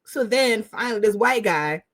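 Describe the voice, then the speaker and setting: A woman co-hosting a podcast, telling stories in an animated way and laughing often. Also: fairly high pitch, moderate pace, no echo. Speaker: podcast co-host. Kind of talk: casual chat.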